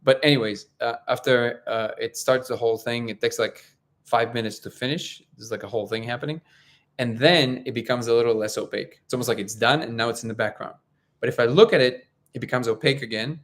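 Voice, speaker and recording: Man, gravelly voice, halting casual live-stream talk, lots of restarts. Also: mid-range voice. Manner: halting, many restarts and fillers. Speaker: host of a live discussion stream.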